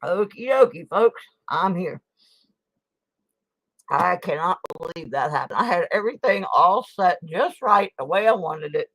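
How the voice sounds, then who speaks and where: A woman's voice: on the low side, animated, unhurried, fairly bright tone, no room sound. A woman hosting a casual home livestream, chatting in a folksy way and eating as she talks into her desk microphone. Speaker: host of a coin collecting livestream.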